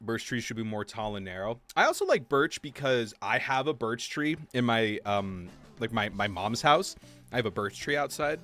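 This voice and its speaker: Streamer, male, lively up-and-down delivery, faint music underneath. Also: mid-range voice, moderate pace. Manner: chatty, animated, soft laughs. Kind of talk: casual livestream gameplay chat.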